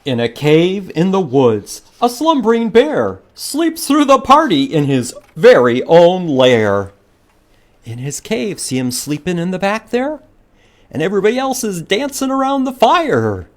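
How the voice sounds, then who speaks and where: A man reading a picture book aloud to young children at a library storytime, expressive and playful, asking the listeners questions along the way. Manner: animated, expressive read-aloud with big pitch swings and slow dramatic lines.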